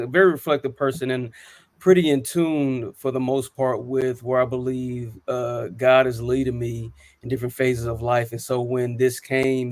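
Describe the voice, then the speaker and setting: A man's voice: mid-range voice, no room sound. A man in his thirties telling personal stories on a panel talk show, earnest and reflective, with frequent ums and restarts. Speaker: co-host.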